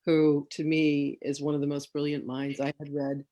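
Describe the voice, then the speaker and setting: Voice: mid-range voice, completely flat delivery, moderate pace, dark tone. Host of a spiritual talk show, mid-range voice, easy conversational questions. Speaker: interview host. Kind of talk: conversational interview.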